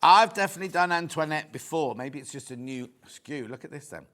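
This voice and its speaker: A man's voice: on the high side, expressive, fairly quick, a bit bright. Chatty British man selling sewing fabric. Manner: chatty, teasing, reading out prices and viewer messages. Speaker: shopping channel presenter. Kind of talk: live sewing shopping show chat. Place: TV studio.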